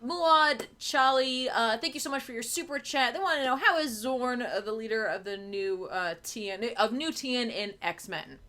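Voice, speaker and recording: A woman on a comics podcast reads out viewer messages and laughs along with the others. Her voice is bright and fairly high. She sounds a bit off the mic. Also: lively intonation, moderate pace, hardly any pauses. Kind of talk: casual chat.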